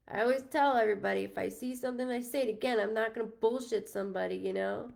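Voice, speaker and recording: A woman's voice: on the high side, fast, vocal fry, few pauses, darkish tone. A woman working as a psychic medium on a live stream, talking in a rambling, casual way that keeps breaking off and restarting, with frequent laughter. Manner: rambling, self-interrupting, laughs often.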